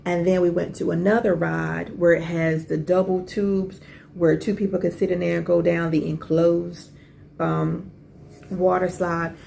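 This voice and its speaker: A woman in her forties hosts a podcast and tells a personal story in casual conversation. Her voice sits low and strongly gravelly, with a dark, mellow tone. She talks with lively asides and keeps asking the listener questions. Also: a little slow, slight background noise. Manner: animated, conversational, with many asides and rhetorical questions. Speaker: podcast host.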